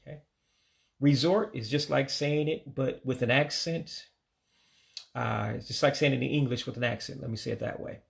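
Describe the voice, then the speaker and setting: An American man giving a casual vocabulary lesson, saying each word slowly, repeating it, then giving its English meaning. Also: mid-range voice, vocal fry. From United States. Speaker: language learner teaching vocabulary.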